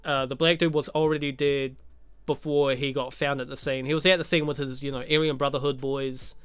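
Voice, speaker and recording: A man's voice: on the high side, a bit bright, clear, resonant tone, no echo. A man giving a casual, profane recap of a movie, full of sarcastic jokes and laughing asides. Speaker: YouTube movie commentator.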